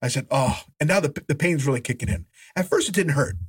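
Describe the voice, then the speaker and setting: A man with a husky, slightly high voice tells a rambling story on a casual podcast. He is animated, acts out the other people's lines with yelps and groans, and breaks into laughter. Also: fast. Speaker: podcast co-host.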